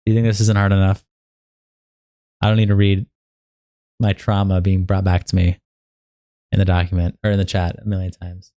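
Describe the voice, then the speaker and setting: Tired young man streaming, low mellow voice. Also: flat delivery, moderate pace, pauses often, no echo. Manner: profane, tired, hype bursts. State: sleepy, yawning. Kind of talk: casual livestream reading aloud.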